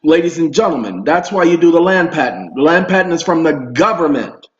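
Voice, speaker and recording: A man speaks straight to his viewers in a rambling, emphatic monologue. His voice sits a little high. The sound is roomy and a bit dull, like a home recording. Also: sing-song, fairly quick. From Southern US roots. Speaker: video host. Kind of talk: casual monologue to camera.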